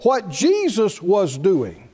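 Male preacher, high and lively voice, playful storyteller, long hall reverb. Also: slow pace, slightly rough. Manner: animated storytelling, laughing at his own jokes, acting out quoted voices. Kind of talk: sermon.

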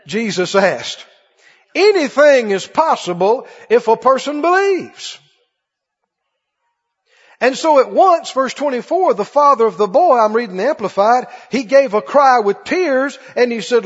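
Male preacher, very high voice, impassioned sermon, echoing hall, muffled sound. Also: lively intonation, normal speed, slightly rough. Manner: impassioned, acts out pleading prayers and quotes. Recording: dull sound in a reverberant hall.

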